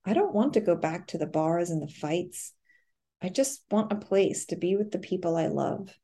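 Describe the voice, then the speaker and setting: A woman's voice: on the low side, expressive, moderate pace, dark tone. A woman reading the part of a tender, affectionate woman who speaks soothingly and calls her partner honey. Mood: earnest.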